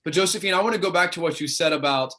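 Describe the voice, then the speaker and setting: A man's voice: fairly high pitch, rapid-fire, pushed and bright. A man hosting an author interview over a video call, eagerly leading the questions. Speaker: host of an author interview series.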